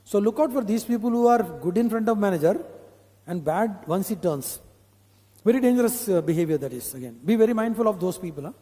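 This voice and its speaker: A man's voice: high-pitched, animated, fairly quick, dark tone. A man with an Indian English accent leading a corporate training session, talking in a conversational way, repeating his points and checking in with the audience. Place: training hall. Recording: long hall reverb.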